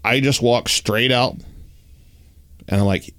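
A man telling a personal story in casual chat, acting out the dialogue and talking with lots of fillers. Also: slow pace. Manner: animated, acts out dialogue with raised pitch; uses many fillers like "like" and "you know".

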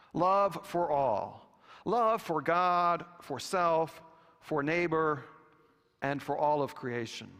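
A man preaching a sermon with a slow, deliberate delivery and long pauses. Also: on the high side, fairly bright tone. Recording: long reverb of a church hall.

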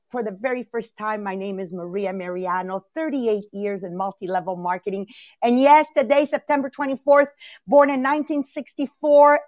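A woman's voice: a little high, no room sound. A woman in her fifties hosting a motivational podcast over a video call, chatty, bubbly and upbeat. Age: 50s. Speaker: host. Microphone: video call mic.

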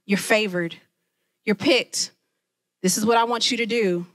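A woman who leads a ministry, preaching a lively sermon and talking straight to her listeners. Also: mid-range voice, measured pace. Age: adult, mother of children. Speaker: women's ministry leader.

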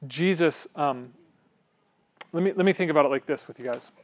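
Preaching in a church at a moderate pace, this pastor's voice runs on the high side. He keeps it conversational, joking with the congregation and frequently asking "right?".

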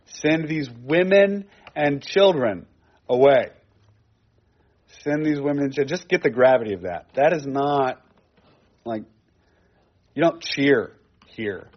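A man's voice: mid-range voice, lively intonation, takes it slowly, pauses often, lo-fi sound. A man teaching a sermon in a conversational way, repeating phrases for emphasis. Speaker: pastor. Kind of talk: expository sermon.

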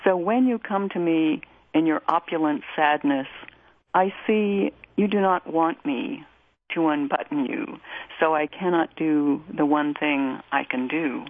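A woman radio host reading a poem aloud in a measured, deliberate way and introducing a song. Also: low voice. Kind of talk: poetry reading and music introduction. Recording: tinny phone-like line.

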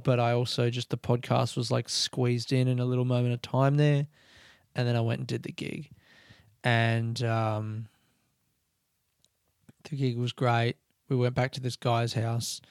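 A man talks low and quiet at home late at night, hosting a solo podcast in a loose, rambling way. His voice has a gravelly, fried edge, recorded dry and close with no room sound. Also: dry recording. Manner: talking softly and quietly, rambling. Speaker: comedian podcast host. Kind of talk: casual solo podcast chat. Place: own house, late at night.

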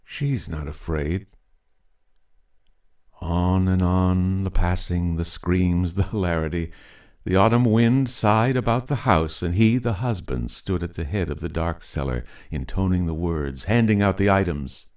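A man narrating a written story in a measured, deliberate storytelling manner. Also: sits low, darkish tone. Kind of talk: scripted narration.

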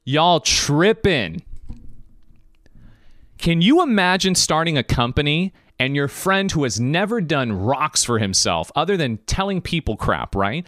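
A man hosting a podcast stream, talking in a lively, preachy way about life. His pitch jumps around. He speaks straight to his viewers in a dry room. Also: no echo. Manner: animated, preachy, talks to viewers directly. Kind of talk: casual motivational talk.

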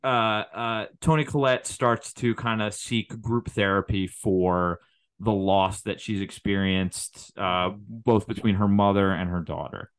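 A man's voice: fairly low pitch, fairly even intonation, unhurried, clear, resonant tone, dry recording. Rambling man, dry close sound. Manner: rambling, many restarts and fillers. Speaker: podcast co-host. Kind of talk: casual movie podcast chat.

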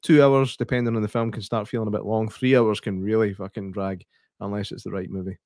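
A man's voice: on the low side, little pitch movement, quick pace, a little mellow, no room sound. A man with a Scottish accent co-hosting a film review podcast, speaking thoughtfully and hesitantly, with frequent ums. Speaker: podcast co-host. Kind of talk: casual film review chat.

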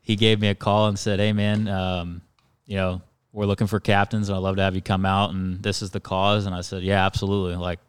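Man, charter captain guest, very deep flat voice, smooth, relaxed storytelling. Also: brisk, no room sound. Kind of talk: casual podcast chat.

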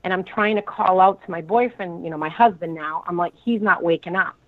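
A woman with a Boston accent calling in, retelling a frightening experience in an animated, dramatic way. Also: lowish voice, brisk. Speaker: caller. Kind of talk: call-in storytelling. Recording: tinny phone line.

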